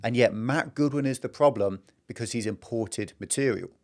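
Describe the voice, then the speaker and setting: A man's voice: mid-range voice, normal speed. Emphatic British male commentator. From Britain. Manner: opinionated, emphatic. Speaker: political commentator. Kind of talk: commentary over news clips.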